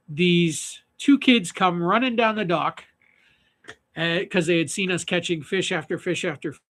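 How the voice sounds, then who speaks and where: A man's voice: fairly high pitch, a bit bright. A man hosting a fly-tying livestream, telling a rambling funny fishing story and laughing at his own jokes.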